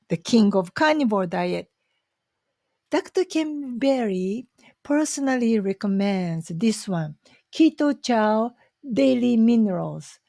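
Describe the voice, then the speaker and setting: A woman with a Japanese accent talks slowly and warmly in a chatty, enthusiastic vlog. Her voice sits a little high, and the sound is dry and close. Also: no room sound. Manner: chatty, enthusiastic, many fillers. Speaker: vlogger. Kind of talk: casual talk to camera.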